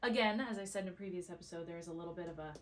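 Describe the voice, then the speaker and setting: A Canadian woman co-hosting a podcast in a studio, telling stories in casual chat with quick asides. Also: lowish voice. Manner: chatty storyteller, quick asides. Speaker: podcast co-host.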